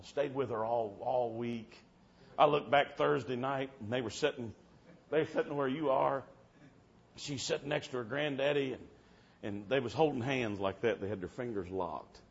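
A man preaching a revival sermon in church, telling stories and swinging from soft-spoken to shouting. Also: mid-range voice, normal speed, gravelly. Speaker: traveling preacher. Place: church service. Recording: dull muffled sound with faint background hiss.

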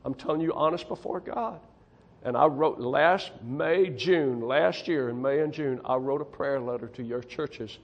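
A man's voice: medium pitch, measured pace, muffled recording. A man preaching a testimony sermon as a missionary to a church congregation, folksy and emphatic, often repeating himself for stress. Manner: folksy, emphatic, repeats "I'm telling you".

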